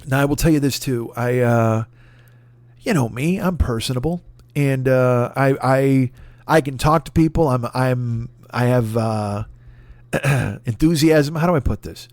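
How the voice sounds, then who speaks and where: A man's voice: mid-range voice, unhurried, a little mellow, no room sound. A man in his forties hosting a podcast, telling a personal story in a rambling, profane, self-deprecating way with many restarts. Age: 40s. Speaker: podcast host. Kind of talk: casual solo storytelling.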